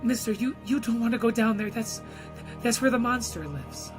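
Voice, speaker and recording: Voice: mid-range voice, animated, normal speed, voice pushed up, natural voice. A game master voicing a frightened little orphan boy who stammers and pleads, with music behind. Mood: pleading.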